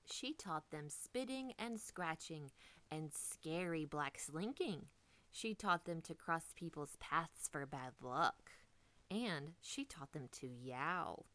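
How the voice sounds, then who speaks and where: A woman reading a children's storybook aloud, expressive and dipping into whispers for drama. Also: low-pitched.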